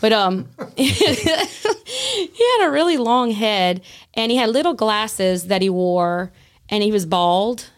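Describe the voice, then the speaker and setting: A woman guest on a podcast, telling a story in a casual, animated way and acting out the dialogue. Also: fairly high pitch, slow pace. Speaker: guest, former prison staff.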